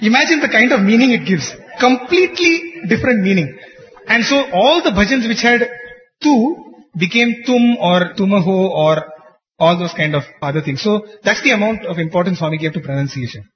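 A man's voice: high-pitched, animated, moderate pace. A man giving an earnest, explanatory teaching talk to a group on devotional singing, chuckling over anecdotes. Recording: dull recording in a reverberant hall.

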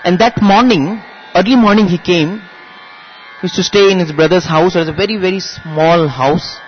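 A man's voice: high-pitched, moderate pace, dull audio, slight background noise. A man earnestly telling a devotional story. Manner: earnest, shifts into acted voices and chanting.

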